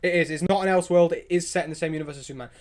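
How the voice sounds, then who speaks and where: A man hosting a livestream, chatting casually and reacting to viewer comments in an excitable, rambling, opinionated way. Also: on the high side. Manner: excitable, rambling, quick restarts and opinionated asides. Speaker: livestream host.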